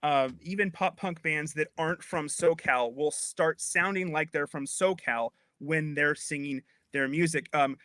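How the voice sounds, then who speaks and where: Brief: man in his thirties, guest expert, fairly high bright voice, dry close sound, lively chatty explainer who restarts a lot. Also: dry recording. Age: 30s. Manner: animated, chatty, with frequent restarts. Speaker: guest linguist. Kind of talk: casual explanatory chat.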